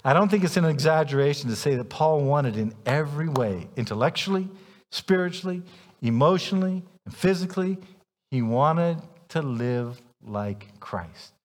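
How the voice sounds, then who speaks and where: A man's voice: on the high side, lively intonation, normal speed. A man preaching a sermon as pastor, emphatic and challenging his congregation directly, heard in a church sanctuary. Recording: long reverb of a church hall.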